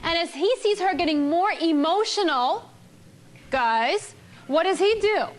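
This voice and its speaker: A woman leading a live relationship seminar, telling a story with animated delivery and putting questions to the audience. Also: very high-pitched, unhurried. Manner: animated storytelling, acting out both sides of a couple.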